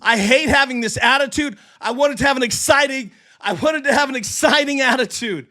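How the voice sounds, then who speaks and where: A middle-aged man hosts a live sports stream, furious and swearing as he rants and reads chat. His voice sits very high for a man, with a sharp, bright edge, and it has gone hoarse from yelling into the mic. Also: fairly quick. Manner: heated, yelling, profane. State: losing his voice. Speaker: sports livestream host. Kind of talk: ranting live sports commentary, reading chat. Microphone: desk mic for a livestream.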